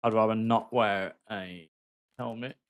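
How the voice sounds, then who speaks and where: A man's voice: on the low side, fairly even intonation, measured pace, muffled recording. Male streamer, Black Country accent, friendly and chatty, casual live-stream delivery. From West Midlands, England. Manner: chatty, friendly, calls viewers mate. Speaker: game streamer. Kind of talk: casual live-stream chat while gaming.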